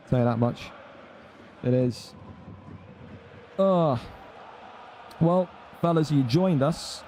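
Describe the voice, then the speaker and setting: A man's voice: medium pitch, dark tone, slight background noise. A young man hosting a live esports stream, talking bluntly and swearing freely as he rants at his chat. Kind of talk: casual live-stream commentary.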